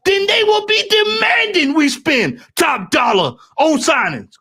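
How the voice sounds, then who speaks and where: A man, ranting loudly on a podcast panel and repeating his points for emphasis. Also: very high voice. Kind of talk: heated podcast rant.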